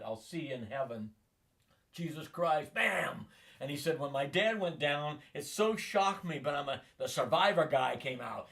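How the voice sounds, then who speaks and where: This man, an interviewee in his 60s, speaks in a mid-range voice and is recorded well away from the mic. His long, meandering personal anecdotes come alive as he acts out what others said in their own voices.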